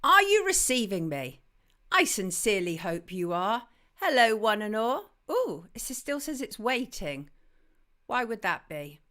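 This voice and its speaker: A woman hosting a live stream, greeting viewers and reading their messages in a chatty, affectionate way, her throat slightly hoarse. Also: a little high, sing-song, measured pace, pushed and bright. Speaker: host. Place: home studio in southwest London.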